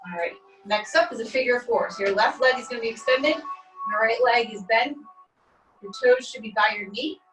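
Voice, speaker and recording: Fitness instructor, woman, higher voice, calm step-by-step stretch cues, laptop mic set back in an echoey room with faint music. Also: normal speed, distant mic. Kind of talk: guided stretching class.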